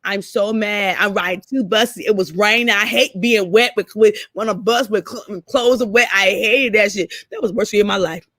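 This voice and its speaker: A woman's voice: mid-range voice, normal speed, hardly any pauses, a bit bright, dry recording. A middle-aged woman chats candidly with a cohost, swearing freely and acting out old arguments. Her voice sounds dry and close. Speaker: co-host. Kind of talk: casual story chat.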